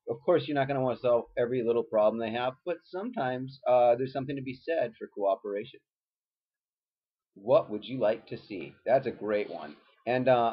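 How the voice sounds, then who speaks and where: A man's voice: medium pitch, breathy edge. A man, a former teacher, giving casual advice and telling stories in a conversational way with lots of fillers. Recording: dull lo-fi recording.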